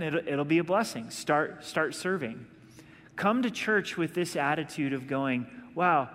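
A man's voice: fairly high pitch, fairly bright tone, a little hiss or hum. A male pastor preaching a sermon in a casual, conversational way, acting out little asides. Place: church sanctuary. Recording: long reverb of a large hall.

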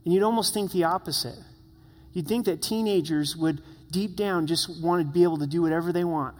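A man's voice: fairly high pitch, fairly quick, in a large hall. A man preaching a sermon as pastor, earnest and conversational, asking the listeners questions.

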